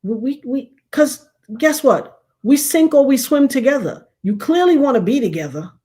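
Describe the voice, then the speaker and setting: A woman's voice: high-pitched, expressive, normal speed. Emphatic folksy woman giving advice. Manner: emphatic, preachy, folksy, drops to a hush for effect. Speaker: livestream talk show host. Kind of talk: casual advice chat to a live chat.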